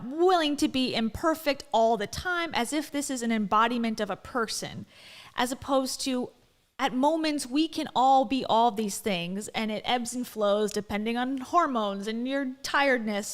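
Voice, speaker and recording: Rambling woman co-host, higher voice. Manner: rambling, hedging with "like". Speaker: podcast co-host. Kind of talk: casual chat.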